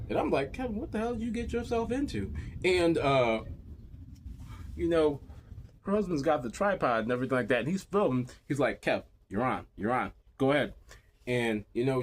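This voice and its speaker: A man telling a crude, rambling stand-up story, full of profanity. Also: breathy edge. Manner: crude, profane and rambling, with lively pitch swings. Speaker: comedian.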